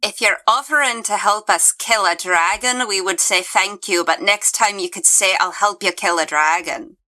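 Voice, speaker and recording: A woman's voice: mid-range voice, moderate pace, pushed and bright, rough recording. A woman playing a tabletop game, talking in a direct, somewhat cranky way. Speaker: player. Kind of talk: tabletop role-play chat.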